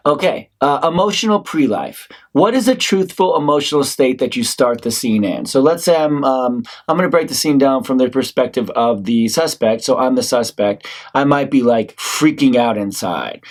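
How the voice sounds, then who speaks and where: A male acting instructor giving a talk on scene breakdown in a casual, conversational way, now and then acting out short lines himself. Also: medium pitch. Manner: conversational, demonstrates lines in character. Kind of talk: acting class lecture.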